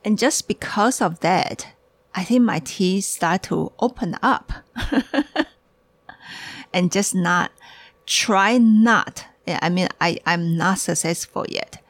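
A woman's voice: on the low side, slow pace, no room sound. A woman hosting a casual podcast, talking in a hurry and restarting her sentences as she gets ahead of herself. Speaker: podcast host and tea shop owner.

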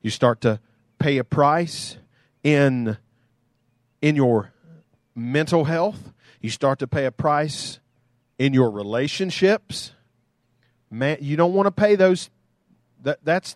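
High-voiced playful pastor preaching. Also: male voice, slow, pauses often, no echo. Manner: conversational, playful asides. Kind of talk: sermon.

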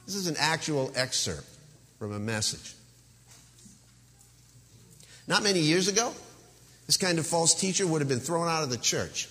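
A man's voice: fairly high pitch, animated, brisk, a bit bright, in a large hall. A male pastor preaching an earnest, emphatic sermon with a warning tone.

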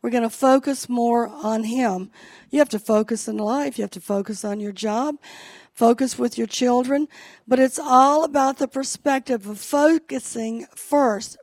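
A woman's voice: a little high, a little mellow, dry recording. Heartfelt woman pastor, dry sound. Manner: heartfelt, emotional, speaks to the congregation directly. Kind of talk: sermon.

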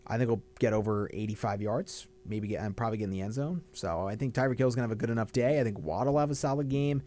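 A man co-hosting a casual sports podcast. He gives analytical, stat-heavy game picks in a measured way. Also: fairly low pitch, mellow.

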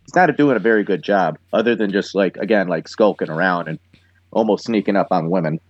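A man co-hosts a casual podcast, trading wry, chuckling remarks about an episode. His mic sounds a little dull, with no room echo at all. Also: low-pitched. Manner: wry, laughing, drawn-out commentary. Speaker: podcast co-host. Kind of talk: casual chat recapping an episode.

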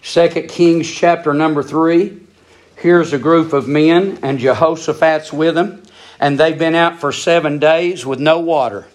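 A man preaching a sermon. His voice sits high and climbs as he presses the same lines over and over. He is emphatic and insistent throughout. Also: steady tone, a little slow. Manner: emphatic, repetitive preaching with rising intensity.

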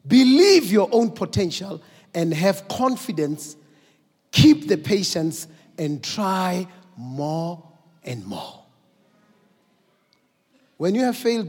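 A man preaching a sermon, moving from quiet, slow teaching up to shouted exhortation. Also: sits high, husky. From South Africa. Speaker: pastor. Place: large church hall. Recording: long church hall reverb.

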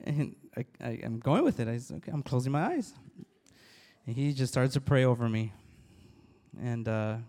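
A man, a police officer, giving a halting, earnest church testimony to a congregation, with many restarts. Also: medium pitch, dark tone, clear, resonant tone. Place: church hall. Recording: long reverb of a large hall.

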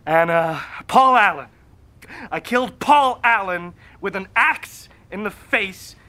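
A man's voice: sits high, animated, slow, sharp tone, full character voice. An actor playing an unraveling young male killer confessing over the phone, rambling with nervous laughs and hesitations. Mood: manic confession. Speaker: film character.

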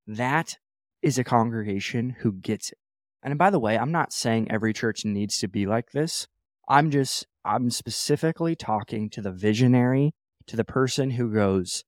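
A man's voice: medium pitch, normal speed, no echo, studio quality. A man hosting a church leadership podcast, teaching in an emphatic motivational way, repeating phrases and correcting himself as he goes.

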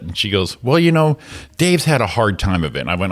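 A man's voice: lowish voice, sing-song, a little fast, soft background music. A man co-hosting a morning show, ranting with a grumpy, profane manner and stammered restarts. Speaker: co-host. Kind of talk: casual chat. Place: radio studio.

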